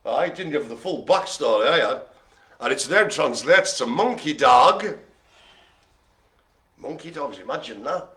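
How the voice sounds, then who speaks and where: A man's voice: fairly high pitch, lively intonation, unhurried, pauses often, fairly bright tone. A man hosting a live bingo show, joking theatrically and often laughing as he calls the cards. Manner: theatrical jokey showman who laughs often. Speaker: host calling dog bingo. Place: room with colleagues present.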